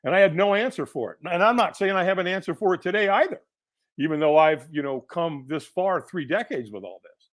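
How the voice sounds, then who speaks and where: Lively middle-aged man telling a story. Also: sits high, brisk. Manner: animated storyteller who acts out quoted voices. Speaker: podcast guest. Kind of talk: storytelling in a podcast interview.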